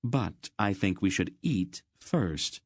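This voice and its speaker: A man's voice: low voice, animated, slow pace, husky, dry recording, studio quality, heavily acted. A man voicing a firm, matter-of-fact woman, an aunt managing her father. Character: stern woman, sharp-tongued aunt.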